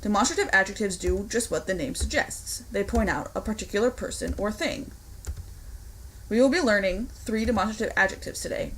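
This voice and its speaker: Woman giving a steady Latin lesson. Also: mid-range voice, slight background noise, rough recording. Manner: clear, deliberate explanation with occasional slips. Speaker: Latin instructor. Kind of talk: recorded online lesson lecture.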